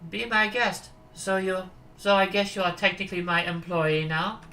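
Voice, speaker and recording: A woman voicing a reserved young male scientist with a put-on German accent, speaking in a measured, polite, guarded way. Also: fairly low pitch, steady tone, pushed and bright, slight background noise, poor audio.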